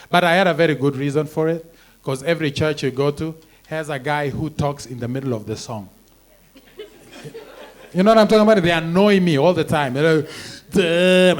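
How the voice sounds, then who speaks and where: A young Kenyan man performing a stand-up comedy set, animated, acting out people and mixing in Swahili phrases. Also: sits high, fairly quick.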